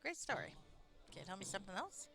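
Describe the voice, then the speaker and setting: A woman's voice: medium pitch, big pitch swings, vocal fry, over music. A woman voicing her game character, a bluff male adventurer, in an intentionally terrible put-on accent. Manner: deliberately bad put-on accent.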